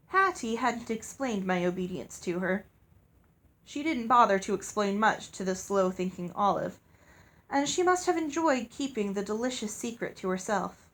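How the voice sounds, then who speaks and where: A woman narrating a storybook chapter in a calm, measured read-aloud style. Her voice sits at an ordinary middle pitch for a woman, and she paces the story evenly. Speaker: audiobook reader.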